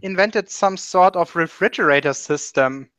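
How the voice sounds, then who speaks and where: Host, man, bright higher voice, chatty and laughing, dry close mic on a call. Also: no echo. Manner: laughs often, quick and chatty. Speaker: hangout host. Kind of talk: casual online group chat. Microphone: computer mic on a video call.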